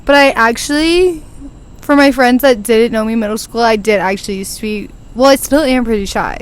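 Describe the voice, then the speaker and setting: A woman's voice: fairly high pitch, a little fast. Giggly young woman hosting a podcast. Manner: giggly, chatty storytelling. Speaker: podcast host. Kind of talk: casual chat. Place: outdoors on a porch.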